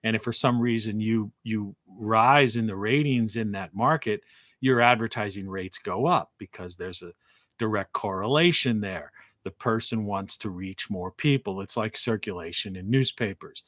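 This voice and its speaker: A man hosting a live talk show in a rambling monologue, with frequent restarts and a morning voice, clearing his throat now and then. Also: on the low side, moderate pace, fairly bright tone, no echo, studio quality. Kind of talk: solo live-stream monologue.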